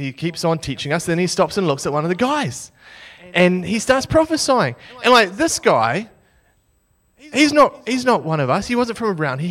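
A young man from New Zealand preaching a sermon as a lively, self-mocking story. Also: sits high.

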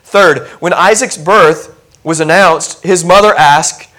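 A middle-aged man preaching a sermon to his congregation in a conversational, animated way, with humorous asides. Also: on the high side, normal speed. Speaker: pastor.

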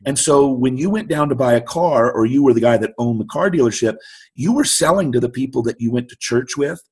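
This middle-aged man has a mid-range, breathy-edged voice and talks a little fast. He's the guest in an interview, telling a lively anecdote and performing the voices of the people in it.

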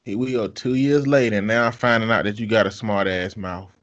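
A man talking casually, lecturing with blunt, profane advice. His voice sits on the low side. The recording is dull and lo-fi. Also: steady tone, fairly quick, a bit bright. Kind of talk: casual chat. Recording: dull lo-fi sound.

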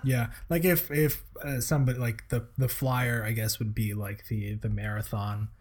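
A man co-hosting a podcast, speaking in a halting, hesitant casual chat. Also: mid-range voice, little pitch movement, a little mellow. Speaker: podcast co-host.

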